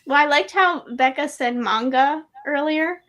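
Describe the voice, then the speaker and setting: A woman's voice: sits high, unhurried, a bit bright. A woman co-hosting a casual group chat over a video call, teasing and quizzical. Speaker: readathon co-host.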